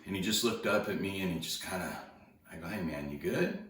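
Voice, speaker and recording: Man, extremely deep voice, rambling storyteller, roomy echo, distant mic. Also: animated, a little fast, fairly bright tone, slight background noise. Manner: rambling, conversational, with repeated restarts and quoted dialogue. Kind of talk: casual storytelling. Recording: echoey room heard from a distance.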